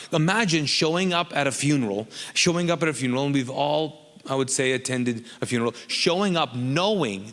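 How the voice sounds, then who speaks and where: A man's voice: medium pitch, fairly bright tone, long reverb tail. A man from Kuwait, a pastor preaching a sermon in a casual, joking style that often asks the congregation questions.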